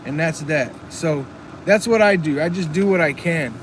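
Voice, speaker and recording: A man's voice: fairly high pitch, normal speed, slight background noise. A man chatting casually on a live stream, earnest and rambling, reading chat comments aloud. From Texas.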